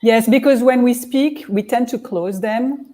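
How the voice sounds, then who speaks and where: Mellow-voiced French woman. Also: a little high, unhurried. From southeast France. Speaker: co-host, French speaker.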